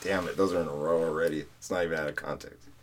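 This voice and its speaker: A man's voice: extremely low pitch, rapid-fire. A man co-hosting a casual podcast chat, telling stories with lots of laughter and acted-out voices. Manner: animated storyteller, laughs a lot, acts out voices.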